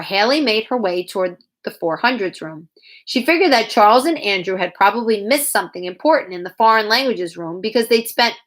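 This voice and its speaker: Female narrator reading a kids' novel aloud; animated, plays every character herself. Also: medium pitch. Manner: acts out characters with lively voices. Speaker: reader.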